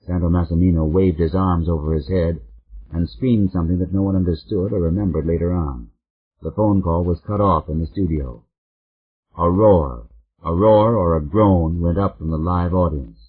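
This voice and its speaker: Low, husky male audiobook narrator. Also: moderate pace. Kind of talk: scripted narration. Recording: narrow phone-like audiobook sound.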